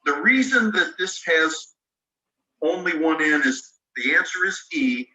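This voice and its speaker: A male ESL teacher, heard through a far-off video call microphone in a roomy space, patiently explains spelling rules one step at a time and spells words out letter by letter. His voice is fairly high, bright and forceful.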